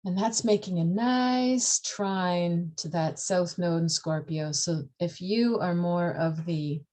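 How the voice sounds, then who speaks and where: A woman's voice: fairly low pitch, slow, a little mellow. A woman explaining astrology in a casual talk, acting out the voices of the signs and laughing at herself.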